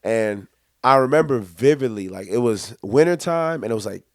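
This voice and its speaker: Animated man telling a story. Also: medium pitch, moderate pace, dry recording, studio quality. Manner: animated, acts out quotes, laughs often. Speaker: podcast co-host. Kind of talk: casual storytelling.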